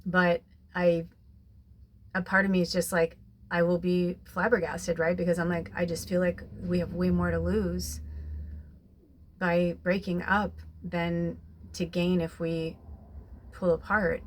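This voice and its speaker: A woman's voice: lowish voice, level tone, measured pace, long pauses, slight background noise. A young adult woman, a spiritual medium, talking in a rambling, emotional way with lots of "like" and "you know", then leading a guided meditation. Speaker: spiritual medium doing a card reading. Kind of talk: casual, emotional personal talk and guided meditation.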